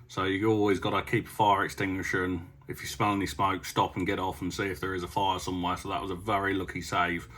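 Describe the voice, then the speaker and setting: A man's voice: sits low, little pitch movement, fast, hardly any pauses, a bit bright. A young adult man, chatting casually as a farming vlogger and rambling through stories with lots of ums. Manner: rambling, with many ums and a storytelling drift. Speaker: farmer vlogger. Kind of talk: casual vlog chat.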